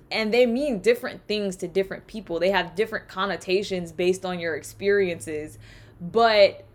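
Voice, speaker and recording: A woman from the South, talking through ideas in a casual, reflective solo podcast. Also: mid-range voice. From Southern United States. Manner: conversational, reflective, with rhetorical asides. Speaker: podcast host.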